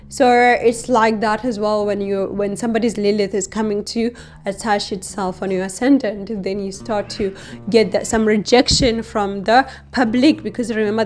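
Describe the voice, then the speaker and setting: Slow-talking woman explaining astrology. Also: medium pitch. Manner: slow, unhurried explaining with frequent "you know" and "right?". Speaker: astrologer host. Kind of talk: explanatory astrology reading to camera.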